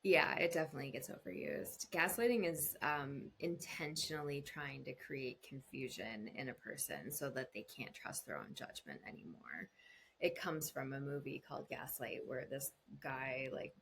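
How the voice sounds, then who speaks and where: A woman speaking as a couples therapist in an interview, explaining calmly and acting out voices in quoted examples. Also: moderate pace, vocal fry, a little hiss or hum. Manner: explanatory, acts out voices in quotes with big pitch jumps. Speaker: couples therapist, podcast guest. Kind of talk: conversational interview answers.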